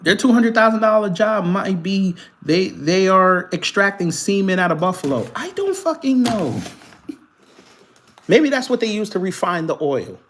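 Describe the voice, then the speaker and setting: A man with a fairly high voice hosts a live commentary stream, reading news aloud and answering his chat. His delivery is animated and profane, and it is broken often by laughter. He addresses his viewers directly, as if talking to them across the room. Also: normal speed, hardly any pauses. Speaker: commentary channel host.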